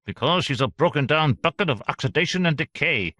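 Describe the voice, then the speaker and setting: A man's voice: medium pitch, animated, moderate pace, clean tone, no room sound, voice pushed up. A man voicing an unctuous, volatile male official in an audiobook, with an oily, pushy delivery. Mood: scheming. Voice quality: oily, swings to shouting. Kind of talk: audiobook character voice.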